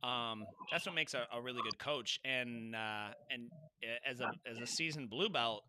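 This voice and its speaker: A man's voice: medium pitch, normal speed, background noise. A man hosting a podcast, talking casually and emphatically, joking with his guest and using many fillers. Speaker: podcast host.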